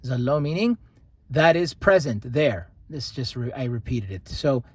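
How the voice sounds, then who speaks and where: A man teaching a language grammar lesson, patiently explaining and slowly repeating example words. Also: mid-range voice, animated, husky, dry recording.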